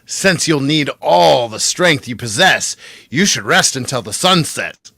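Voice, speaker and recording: A man voicing a solemn male mystic guide who leads a wish ritual, speaking slowly and intoning his lines, slipping into an accent. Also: mid-range voice, animated, vocal fry, pushed and bright, dry recording, exaggerated voice. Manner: slow, intoning, slips into an accent.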